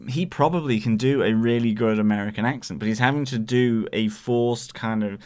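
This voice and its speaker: A man's voice: mid-range voice, a little fast, a little mellow. A man co-hosting a podcast, chatting casually and searching for words as he rambles through his thoughts. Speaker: podcast co-host. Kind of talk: casual TV review chat.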